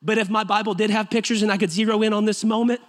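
A man preaches to his church in a high, bright-toned voice. He moves between emphatic declarations and casual, joking asides as he teaches. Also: fairly even intonation, fast talker, a little hiss or hum. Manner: emphatic, conversational preaching with humor. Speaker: pastor. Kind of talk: sermon. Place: church sanctuary.

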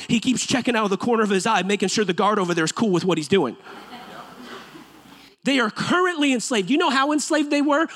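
Man, pastor, high voice, emphatic sermon, conversational and humorous. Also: fairly bright tone. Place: church sanctuary.

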